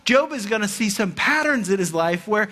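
A man preaching a sermon as pastor, earnest and conversational, stumbling over restarts and slowing down to stress key lines. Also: high voice, lively intonation, pushed and bright.

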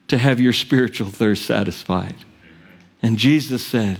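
A man preaching a sermon as pastor, earnest and direct, rising to loud cries on the quoted verses. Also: mid-range voice, measured pace, pauses often, husky.

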